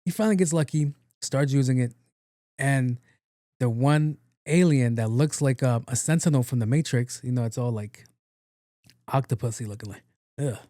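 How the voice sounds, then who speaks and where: A man's voice: medium pitch, moderate pace, warm tone, no echo, studio quality. A man hosting a podcast, recapping a movie in a rambling, profane, casual way and acting out the characters' lines. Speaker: podcast host.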